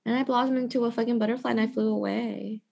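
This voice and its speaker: A young woman in casual chat with friends, telling animated stories, swearing often and breaking into laughter. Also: a little high, quick pace, vocal fry. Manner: animated storytelling, frequent swearing, bursts of laughter.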